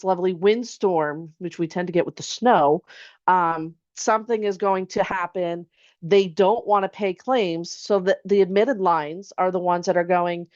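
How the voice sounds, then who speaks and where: A woman's voice: fairly low pitch, no echo. A woman insurance agent presenting an online webinar in a conversational way. She often checks in with "okay?" and asks rhetorical questions. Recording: dull lo-fi online webinar audio.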